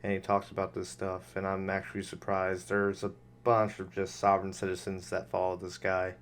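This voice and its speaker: A man's voice: low voice, completely flat delivery, moderate pace, a little hiss or hum. A man giving casual, sarcastic, exasperated commentary on a video clip.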